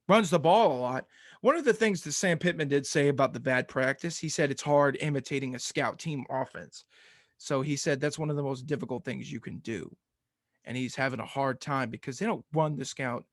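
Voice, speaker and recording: A man's voice: mid-range voice, no room sound, studio quality. A man co-hosting a casual sports podcast, ranting with energy and laughing often. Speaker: podcast co-host.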